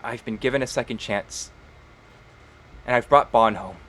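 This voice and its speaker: A man voicing Lenore, a quiet, determined woman, in a soft, subdued tone. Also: medium pitch, normal speed, close to an everyday voice.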